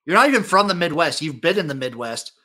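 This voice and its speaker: Blunt, bright-voiced male co-host. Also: fairly high pitch, big pitch swings, fast. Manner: laid-back, blunt, swears casually. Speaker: podcast co-host. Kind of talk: casual sports chat.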